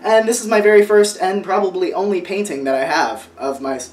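Indoors at home, a twentysomething man presents his family's artwork in a relaxed show-and-tell vlog. He speaks fairly quickly in a high-pitched voice, drifting sentimentally with plenty of fillers and false starts.

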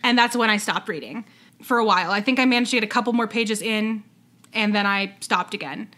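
A woman's voice: medium pitch, brisk, sharp tone. A woman co-hosting a podcast, chatting casually with many fillers and restarts. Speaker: podcast co-host. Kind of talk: casual chat.

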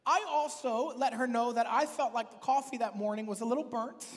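Joking pastor in a reverberant church hall. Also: male voice, very high-pitched, a little fast. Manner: conversational, joking, with sudden loud emphatic bursts. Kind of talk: sermon.

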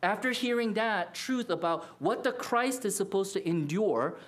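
Animated male pastor preaching. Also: high-pitched, moderate pace. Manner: earnest, animated preaching with acted-out quotes and restarts. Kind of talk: sermon.

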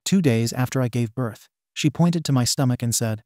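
A man's voice: medium pitch, lively intonation, normal speed, mellow, no echo, studio quality. A man narrating a forum story aloud, reading abbreviations letter by letter.

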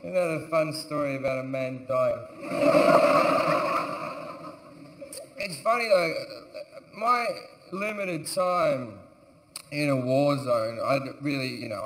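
A man doing stand-up storytelling, sardonic and profane, acting out characters with sudden shouts on a theatre stage. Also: mid-range voice, lively intonation, unhurried, pauses often, very noisy. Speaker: stand-up comedian. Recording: echoey live theatre recording. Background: audience laughter.

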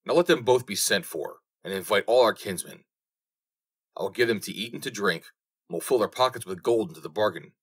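A bold young tradesman back from his travels, as a male reader puts him on. He speaks with confident, formal old-fashioned phrasing in a storybook tale. His voice sits low. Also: animated, a little fast, breathy edge. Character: young male turner apprentice, proud and bold.

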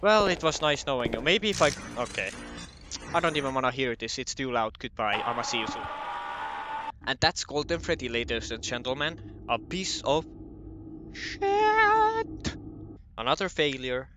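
A man's voice: medium pitch, expressive, a little fast, background noise. A young man doing casual commentary on a horror game, joking and swearing as he talks to the game characters. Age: young adult. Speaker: gameplay commentator.

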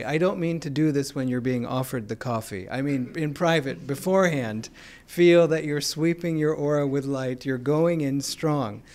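American man giving a relaxed spiritual talk. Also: fairly high pitch. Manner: conversational, explanatory, with gentle humor. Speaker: spiritual teacher.

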